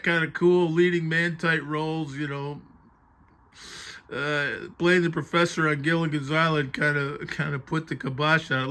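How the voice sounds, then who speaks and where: A man's voice: fairly high pitch, sharp tone. A man reviewing a book on vintage TV in casual commentary, chatty and musing aloud as his thoughts drift. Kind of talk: casual commentary while paging through a book.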